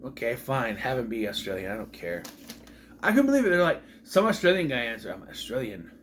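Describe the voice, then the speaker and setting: A man's voice: mid-range voice, big pitch swings, brisk, fairly bright tone, slight background noise. A man giving a casual, opinionated movie review, ranting with sarcastic and exasperated asides.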